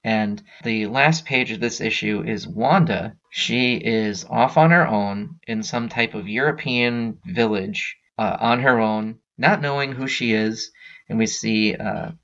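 A man's voice: fairly low pitch, measured pace, fairly bright tone, lo-fi sound. A man hosting a podcast, casually retelling a comic storyline with frequent fillers and restarts. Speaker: podcast host.

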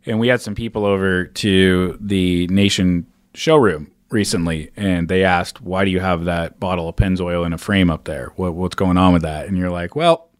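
Low-voiced man co-hosting a golf podcast. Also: dry recording. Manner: reads listener questions, jokey. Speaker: podcast co-host. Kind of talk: casual chat.

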